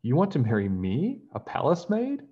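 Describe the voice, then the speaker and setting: A man voicing a tired, put-upon young palace maid who is high and flustered, for a storybook reading. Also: wildly swooping pitch, moderate pace, warm tone, slightly rough, muffled recording, full character voice.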